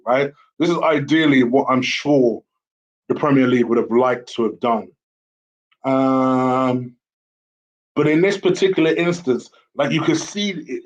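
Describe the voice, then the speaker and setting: A man talking casually to camera as a football fan vlogger, blunt and opinionated. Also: medium pitch. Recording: slightly dull lo-fi audio.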